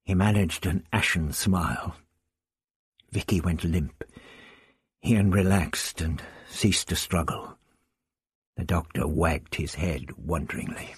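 A man narrating an audiobook in a dramatic, measured storytelling manner. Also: sits low, husky, no echo, studio quality.

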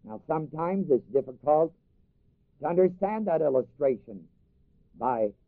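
A man's voice: fairly high pitch, expressive, a little slow, no room sound. A man preaching a sermon, reading scripture in old-fashioned wording, repeating phrases for emphasis and having the congregation finish his lines. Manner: reads scripture in old King James wording, then explains it to the congregation. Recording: dry, phone-like recording.

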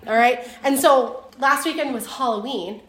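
A young woman with a high-pitched voice teaches a casual Bible lesson to a group at a normal speed. She chats freely, using plenty of fillers and telling stories with energy. The recording has a roomy echo.

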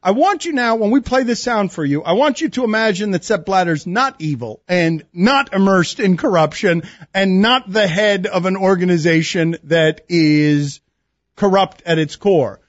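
High-voiced animated male radio host. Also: moderate pace, dry recording. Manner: animated, incredulous, comic outbursts. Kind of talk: sports talk radio banter. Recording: slightly muffled dry studio.

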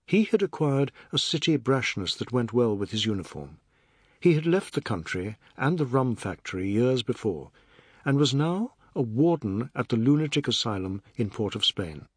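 Male audiobook narrator, husky voice, dry close sound. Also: mid-range voice, very animated, normal speed, no room sound. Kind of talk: scripted narration of a novel.

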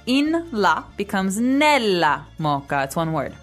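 A woman's voice: mid-range voice, sing-song, a little slow, soft background music. A woman co-hosting a casual language-lesson podcast, who explains grammar step by step and teases her partner playfully. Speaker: co-host teaching Italian.

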